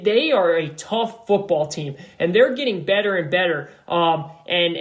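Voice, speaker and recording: A young man hosting a solo sports podcast from an apartment, talking loudly and with energy, rambling and restarting his sentences. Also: high-pitched. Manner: loud, animated and rambling, with many restarts. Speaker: podcast host. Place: apartment room.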